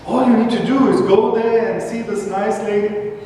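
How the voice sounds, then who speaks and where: A man's voice: sits high, steady tone, moderate pace, mellow, slight background noise. Man preaching in an echoey church. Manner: storytelling, acts out street voices in quotes. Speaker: pastor. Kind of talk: sermon. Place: large church sanctuary. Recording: echoey church hall, mic from far off.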